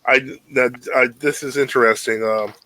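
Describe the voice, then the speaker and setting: A man's voice: mid-range voice, steady tone, normal speed, bright, forceful tone, low-quality recording. A man from Brooklyn with a New York accent, hosting a casual interview and telling stories with frequent laughter and restarts. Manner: rambling, laughs often, many restarts. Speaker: podcast host.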